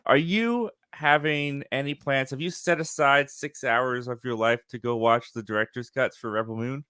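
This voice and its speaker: A man's voice: medium pitch, moderate pace, sharp tone, smooth, dry recording, studio quality. A man hosting a casual live movie chat show, easygoing and chatty with firm opinions. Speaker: host.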